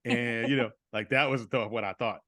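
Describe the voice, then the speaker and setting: A man's voice: mid-range voice, steady tone, a little fast, a bit bright, dry recording, clean studio sound. A man, a voice actor guest, talking over a video call in a casual interview, reflective and full of filler words.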